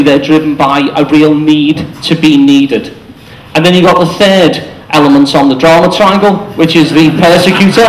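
A man giving a short, chatty talk to an audience in a cafe, explaining ideas and acting out quoted lines. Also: fairly high pitch. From England. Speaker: speaker. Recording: echoey room.

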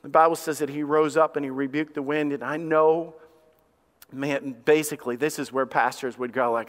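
A man's voice: steady tone, normal speed. A man preaching a sermon as pastor, impassioned, stammering over repeated words and acting out the voices of doubters. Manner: impassioned, acts out doubting voices with rising pitch.

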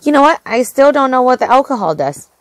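A young woman narrating her own gameplay in a casual, excitable, easily distracted way, full of fillers and sudden outbursts. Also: high-pitched, fast. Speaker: gaming channel host. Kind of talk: casual game commentary.

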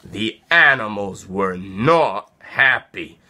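A man reading a children's picture book aloud, with a gravelly edge to his voice. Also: on the low side, lively intonation, takes it slowly, bright, forceful tone. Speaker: storybook reader.

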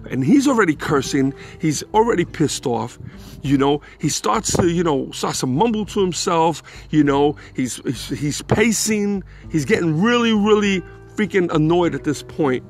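Gravelly man, slightly high, casual and profane storyteller. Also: moderate pace, faint music behind. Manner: animated, profane and rambling. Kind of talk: casual anecdote.

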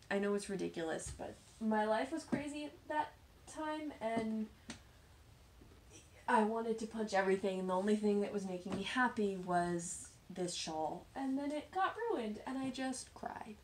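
A chatty woman hosting a knitting show, talking casually at home with a mid-range voice. She slips between lively, self-deprecating chatter and quiet muttered asides. A faint hiss sits under the recording. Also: medium pitch. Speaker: knitting podcast host. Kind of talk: casual show-and-tell chat.

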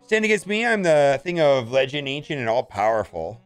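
A man's voice: mid-range voice, sing-song, a little fast, clear, resonant tone, no room sound, lightly acted. A man reading aloud the lines of an ancient, boastful male mutant overlord, grandiose over faint game music.

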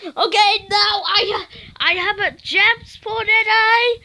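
A woman giving excited commentary over her mobile game, squealing at wins and humming along as she plays. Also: extremely high pitch, slow pace. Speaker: gameplay narrator. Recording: noisy home recording.

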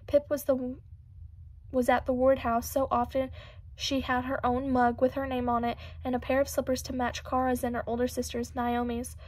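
High, even-toned woman narrating a story. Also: normal speed. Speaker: audiobook reader. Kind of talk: scripted audiobook narration.

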